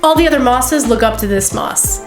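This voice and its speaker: A woman's voice: fairly high pitch, expressive, moderate pace, roomy sound, over music. A woman vlogging a resin craft tutorial in her home craft room, chatty and playful, full of rambling asides. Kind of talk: casual crafting tutorial chat.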